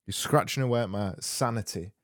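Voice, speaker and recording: A man hosting a solo comedy podcast, rambling in a deadpan way and often repeating and restarting his phrases. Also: lowish voice, brisk, no room sound, clean studio sound. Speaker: podcast host.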